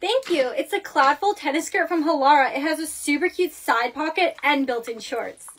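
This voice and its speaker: A woman's voice: sits high, moderate pace, fairly bright tone. A young woman acting in a scripted comedy skit, with exaggerated, dramatic delivery. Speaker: skit creator playing the lead.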